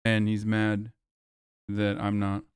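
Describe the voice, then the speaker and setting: A man's voice: lowish voice, monotone, takes it slowly, smooth, dry recording, studio quality. A man giving casual live-stream commentary, blunt and offhand and swearing freely, into a desk microphone. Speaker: livestreamer.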